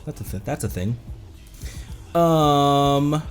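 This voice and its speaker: A man's voice: a little high, lively intonation, takes it slowly, faint music behind. A man from Colorado streaming a game at home, stuffy from a cold, who rambles, laughs a lot and pokes fun at himself in casual chat. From Colorado, United States. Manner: rambling, self-mocking, laughs often. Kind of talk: casual live-stream chat over gameplay.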